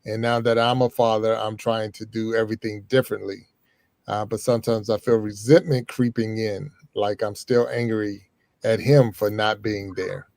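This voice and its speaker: Gravelly-voiced man hosting a talk. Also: fairly low pitch, level tone, normal speed, darkish tone, dry recording. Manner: hesitant, many fillers and restarts. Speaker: host reading listener questions. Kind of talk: casual conversation.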